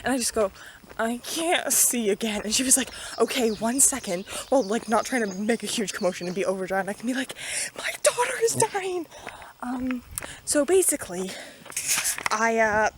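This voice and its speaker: A woman's voice: on the high side, fairly quick, slight background noise. A young woman telling a dramatic story in a casual vlog, out of breath as she walks up a hill path. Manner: chatty and dramatic, many fillers. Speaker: vlogger. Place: outdoors on a forest hill path. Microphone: handheld camera.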